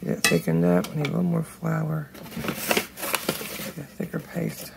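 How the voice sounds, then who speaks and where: A hoarse woman, chatting to viewers while she cooks in her home kitchen, filmed on a handheld phone. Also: low-pitched, fairly even intonation, measured pace, long pauses, very noisy. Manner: chatty, talks straight to viewers. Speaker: home cooking channel host. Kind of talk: casual cooking demonstration. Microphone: phone held in one hand.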